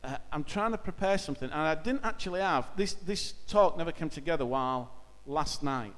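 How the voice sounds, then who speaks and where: A man gives a church talk in a relaxed, conversational way, pausing and restarting often. His voice sits a little high for a man. The sound carries a long reverb from a church hall. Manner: conversational, hesitant, many fillers. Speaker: church speaker. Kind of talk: informal sermon talk.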